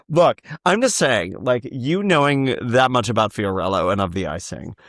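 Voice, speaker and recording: A man guesting on a podcast, chatting about musicals in an animated, joking way. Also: medium pitch, a little slow, dry recording, studio quality. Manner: animated, joking, slips into impressions. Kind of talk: casual chat about musicals.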